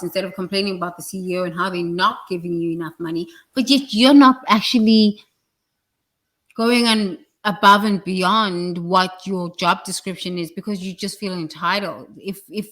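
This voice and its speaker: A woman's voice: on the low side, a bit bright. Blunt, swearing woman giving a motivational talk. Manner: blunt, preachy, swears freely. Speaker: leadership speaker.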